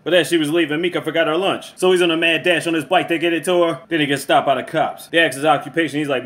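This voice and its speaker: Man, show reviewer, rapid delivery, profane, chatty. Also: a little high, steady tone, fairly bright tone.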